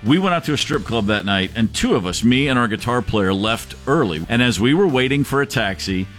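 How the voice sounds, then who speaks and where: A man casually telling a story from touring with his band, animated and acting out the voices of the people in it. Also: mid-range voice, brisk, soft background music. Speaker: rock drummer telling a tour story.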